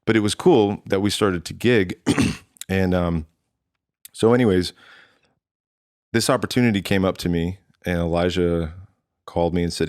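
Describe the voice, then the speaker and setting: A man in his thirties, a drummer, telling stories in a casual interview and acting out quotes in lively voices. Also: deep voice, moderate pace, no echo, studio quality. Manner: animated, quotes himself and others in lively voices. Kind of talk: casual storytelling chat.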